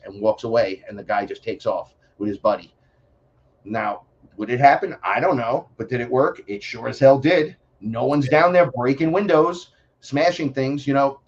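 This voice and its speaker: A man from the Bronx with a New York accent, a podcast guest talking in a blunt, profane, animated way. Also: mid-range voice, normal speed, breathy edge, muffled recording. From New York City, the Bronx. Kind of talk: casual podcast chat.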